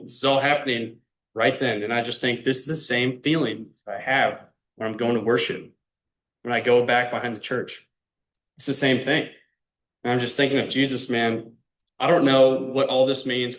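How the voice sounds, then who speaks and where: A young man from Illinois gives a personal faith testimony to a club audience. He speaks in an easy, conversational way and keeps turning to the listeners directly. His voice sits at an ordinary middle pitch. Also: fairly bright tone. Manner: casual, earnest, addresses the audience directly. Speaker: guest speaker. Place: club meeting room.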